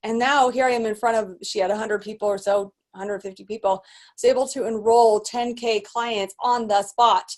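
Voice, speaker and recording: A woman coach tells her own story in a lively motivational talk, her voice sitting a little high. She rambles with restarts and fillers and often acts out other people's voices. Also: moderate pace. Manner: animated, acts out quoted voices. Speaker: business coach.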